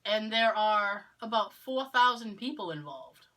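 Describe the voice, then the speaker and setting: Podcast co-host, woman from Massachusetts, clear bright tone, a storyteller who acts out the other voices. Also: mid-range voice, animated, measured pace. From Massachusetts, near Cape Cod. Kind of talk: casual chat.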